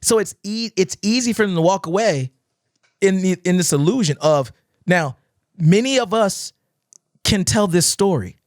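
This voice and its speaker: A man's voice: high-pitched, normal speed, no echo, clean studio sound. A man who teaches dance, talking casually on a podcast, acting out crowds and swearing freely as he tells stories. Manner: animated storytelling, acting out crowds and shouts, swears often.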